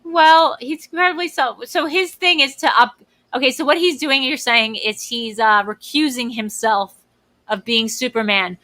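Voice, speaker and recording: A fairly high, bright-voiced woman co-hosting a loose movie talk show. She talks animatedly, jumping into quick voices to act out scenes and swearing freely. The sound is close and dry. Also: no room sound. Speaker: podcast co-host. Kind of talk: casual movie discussion.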